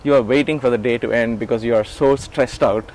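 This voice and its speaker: Man in his forties, animated storyteller. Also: medium pitch, a little fast. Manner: animated, acts out quoted dialogue; frequent restarts and chuckles. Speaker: interviewee. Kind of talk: storytelling recollection.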